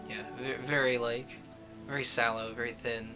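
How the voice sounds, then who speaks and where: A man's voice: medium pitch, little pitch movement, normal speed, music in the background. A man streaming a game, rambling casually and chuckling at his own jokes. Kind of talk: casual gameplay commentary.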